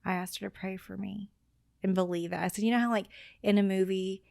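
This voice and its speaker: A woman with a mid-range voice and a gravelly edge of vocal fry tells her own story as a podcast guest. She speaks earnestly and slips into quoted conversations as she goes. The sound is close and dry, with no room echo. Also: medium pitch, a little fast. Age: adult with children. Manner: earnest, quotes people in lively retellings. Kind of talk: personal testimony storytelling.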